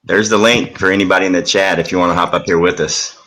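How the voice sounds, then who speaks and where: Deep-voiced joking man hosting a livestream. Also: fairly even intonation, quick pace, noisy background. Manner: joking, easygoing, a bit scattered. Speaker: livestream host. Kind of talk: casual livestream chat.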